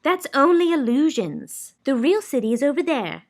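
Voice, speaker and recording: A woman's voice: high-pitched, big pitch swings, moderate pace, pitched above the performer's own voice. A cheerful boy who talks in riddles, played by a woman reading a storybook. He explains puzzles in a breezy, matter-of-fact way with plenty of lift in his voice.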